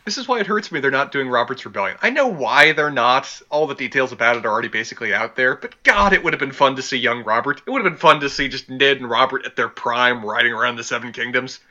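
Bright-voiced man, casual podcast chat. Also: medium pitch, lively intonation, quick pace, few pauses, muffled recording. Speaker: podcast co-host.

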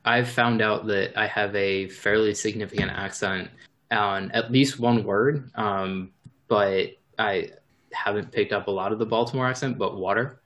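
A man's voice: on the low side, fairly even intonation, unhurried, a bit bright, muffled recording. A man chatting casually as a podcast co-host, rambling with fillers. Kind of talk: casual chat.

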